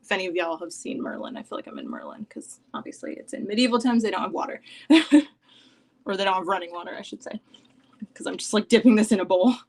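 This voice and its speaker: A young woman chatting on a casual live stream from home, rambling with lots of "like" and sometimes dropping to a soft near-whisper. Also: medium pitch, very animated, quick pace, creaky. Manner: chatty and rambling, heavy use of "like". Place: home, at her desk with her dog nearby.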